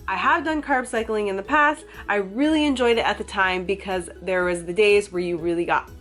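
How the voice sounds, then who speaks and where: A woman's voice: mid-range voice, fairly quick, fairly bright tone, soft background music. A woman fitness vlogger with a congested, nasal voice from a head cold, talking in a chatty, rambling way with frequent laughs and fillers. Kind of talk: casual educational vlog.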